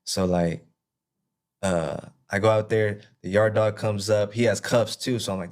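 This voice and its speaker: A man appears as an interview guest and recounts his own hard past. His voice is low and nearly flat in pitch, and he tells it haltingly, circling back with "you know what I mean." It comes across as a relaxed personal testimony.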